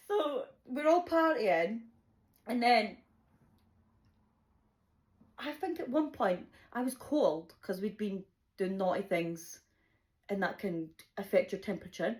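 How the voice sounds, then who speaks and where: A young woman telling a chaotic personal story, animated and swearing freely, laughing often. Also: medium pitch, slow pace, pauses often. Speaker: vlogger. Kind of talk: casual storytime.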